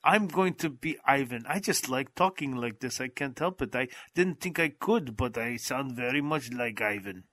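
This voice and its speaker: A man's voice: medium pitch, lively intonation, moderate pace, hardly any pauses, a bit bright. A man voicing a playful guy with a thick put-on Russian accent.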